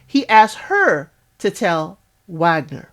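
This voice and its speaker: A woman's voice: lowish voice, very animated, slow. A woman recapping a reality dating show in a casual, sassy way, with asides to her viewers. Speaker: recap host.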